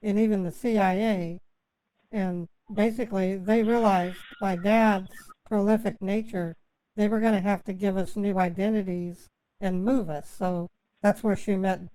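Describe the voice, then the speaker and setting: A woman on a phone call, rambling through a long story and halting often, stammering and restarting her sentences with many fillers. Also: mid-range voice, steady tone, warm tone, smooth, no echo. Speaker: scambaiter posing as a victim.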